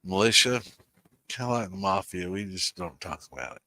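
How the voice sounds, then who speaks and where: A man's voice: deep voice, lively intonation, moderate pace, bright, forceful tone. A man, hosting a livestream in rambling, profane casual chat and calling out viewers by name. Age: 60s. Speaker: host of a moonshine livestream.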